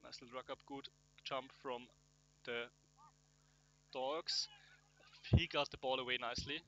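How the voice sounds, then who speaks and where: A man's voice: medium pitch, steady tone, unhurried, sharp tone, lo-fi sound. A man giving casual amateur play-by-play commentary in an easygoing, plain way. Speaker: match commentator.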